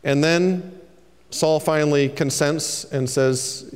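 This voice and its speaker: A man's voice: fairly high pitch, normal speed, in a large hall. A man preaching a sermon, telling stories and acting out the lines of the people he quotes. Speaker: pastor.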